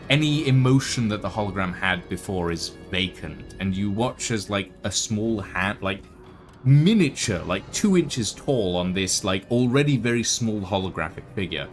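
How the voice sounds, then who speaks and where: A man narrating as game master in a tabletop game, with halting, filler-heavy delivery. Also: on the low side, lively intonation, soft background music.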